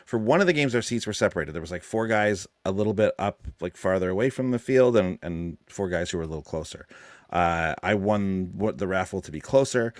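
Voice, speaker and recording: Lively laughing podcast co-host man. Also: sits low, a little fast, no room sound, clean studio sound. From Canada. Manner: animated storytelling, laughs often. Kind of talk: casual chat.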